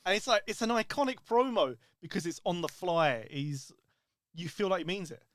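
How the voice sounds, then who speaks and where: A man co-hosting a casual podcast chat, joking and swearing with quick comebacks. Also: high voice, a bit bright, no room sound, studio quality. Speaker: podcast co-host.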